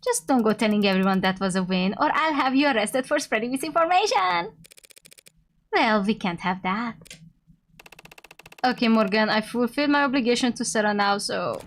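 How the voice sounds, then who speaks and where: A woman voicing a brash, sarcastic lawyer in a visual novel, wry and bossy, lines read aloud at a quick clip. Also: a little high, animated. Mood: teasing.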